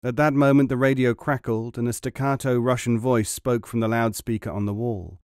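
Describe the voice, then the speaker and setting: A man reading an audiobook in a measured, even storytelling voice. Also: medium pitch, clean tone, no room sound, clean studio sound. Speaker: audiobook narrator. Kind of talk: scripted audiobook narration.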